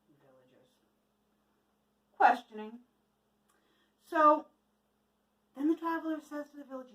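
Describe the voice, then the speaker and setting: A woman's voice: sits high, normal speed, pauses often. A woman telling a folk tale casually to a church audience, asking listeners questions while she cooks along. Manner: lively, asks the listeners questions. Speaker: storyteller for a church children's message. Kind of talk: casual storytelling with a cooking demo. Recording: echoey room from a distance.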